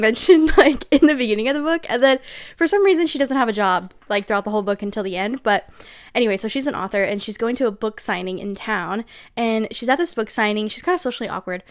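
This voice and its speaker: A young woman giving a casual, sarcastic book recap, gossipy and full of asides like "okay?". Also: a little high. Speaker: book reviewer.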